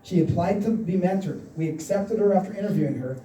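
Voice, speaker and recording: A man's voice: sits high, fast, mellow, a little hiss or hum. A man in his forties giving a motivational seminar talk, telling stories and acting out the quoted dialogue. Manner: storytelling, acts out quoted dialogue. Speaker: seminar speaker. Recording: echoey hall, mic at a distance.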